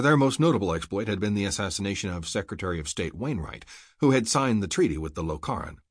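Husky low-voiced male narrator. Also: no echo, clean studio sound. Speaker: audiobook narrator. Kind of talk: scripted narration.

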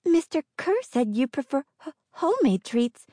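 A timid young female creature with hooves and horns speaks in a high, thin, trembling voice. She stumbles and restarts her words in a nervous stammer. The recording is dry and close. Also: very animated, normal speed, warm tone, no room sound.

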